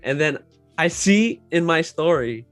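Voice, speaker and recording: A man hosting a casual chat, speaking profanely with lots of filler words, mostly low-key with loud outbursts. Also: expressive, measured pace, faint music behind. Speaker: host.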